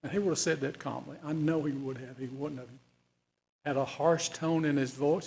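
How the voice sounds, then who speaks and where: Guy leading bible study, folksy, slightly high voice, keeps asking the class stuff. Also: fairly even intonation, normal speed, gravelly, darkish tone. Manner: conversational, asks the class questions, folksy. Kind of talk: informal Bible study teaching.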